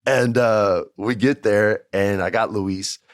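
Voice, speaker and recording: Speaking slowly in a lowish voice, this New Mexico podcast host in his forties recounts a backstage story, animatedly performing each quoted character. The audio is dry and of studio quality.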